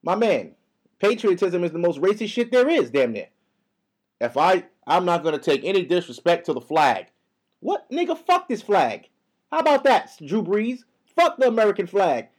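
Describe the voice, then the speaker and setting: A young man rants on his podcast in a high, fast, profane, heated flow. His voice sits above the usual male range. He speaks casually, as if to friends. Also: sing-song. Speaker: podcast host. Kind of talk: casual ranting monologue.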